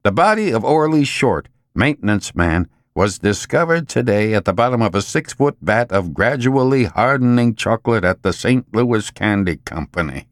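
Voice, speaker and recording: A man voicing a short, round, sweaty male boss who talks in a hoarse croak, gloomy and exasperated. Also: fairly low pitch, big pitch swings, slow, dry recording, studio quality, exaggerated voice. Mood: gloomy ranting.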